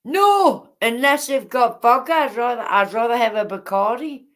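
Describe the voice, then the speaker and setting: A woman hosting a casual livestream chat, speaking haltingly and repeating herself. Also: a little high. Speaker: livestream host.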